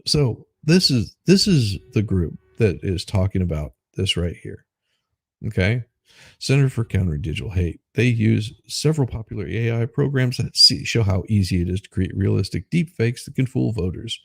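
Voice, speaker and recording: Male host, low gravelly husky voice, sarcastic commentary, dry sound. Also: expressive, moderate pace, a bit bright, no echo. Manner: sarcastic, rambling asides; self-deprecating. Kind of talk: casual news commentary reading articles aloud.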